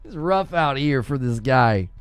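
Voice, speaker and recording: Laid-back, animated man chatting on stream. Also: mid-range voice, unhurried, clear, resonant tone, dry recording, soft background music. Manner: laughs often, talks to chat. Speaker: gaming livestream host. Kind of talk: casual livestream chat.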